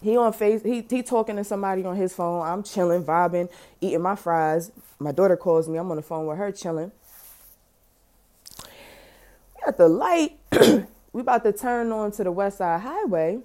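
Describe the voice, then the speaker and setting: A woman, hosting a podcast and telling a story in a casual, animated, profane, slang-heavy way. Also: mid-range voice, fairly quick. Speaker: podcast host.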